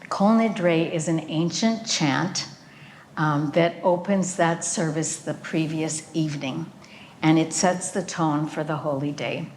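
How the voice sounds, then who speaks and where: A woman's voice: low-pitched, darkish tone, slight background noise. Earnest older woman telling her story. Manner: earnest storytelling, unhurried, occasional fillers. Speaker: guest speaker, cellist. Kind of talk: remembrance talk with slides. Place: event venue.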